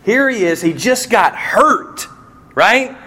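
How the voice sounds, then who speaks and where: A man preaching a sermon, telling a family story, going from hushed passages up to loud, pleading cries. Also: high-pitched, lively intonation, slow. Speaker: pastor.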